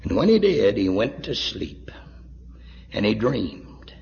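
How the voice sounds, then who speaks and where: A man preaching a sermon, telling a story dramatically and swinging from hushed tones to shouts. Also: lowish voice, sing-song, slow pace, creaky. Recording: dull echoey hall recording.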